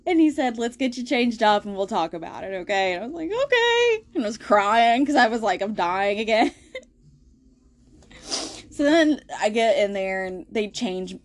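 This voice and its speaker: A woman's voice: mid-range voice, a little fast, few pauses. A young adult woman hosting a podcast, telling a hard personal story in a casual, candid way, swearing freely and laughing through the grim parts. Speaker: podcast host.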